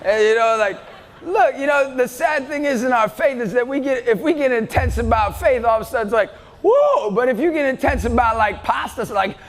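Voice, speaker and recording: A man in his thirties giving an intense, shouting, jokey faith talk to a live audience. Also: very high voice, a little fast. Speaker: youth speaker. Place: large event hall. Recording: long hall reverb, faint crowd.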